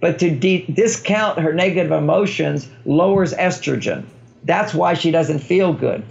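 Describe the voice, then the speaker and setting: A man's voice: a little high, lively intonation, measured pace, creaky. An older man, a relationship author, explaining his ideas as an interview guest and acting out quoted dialogue. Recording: dull lo-fi sound.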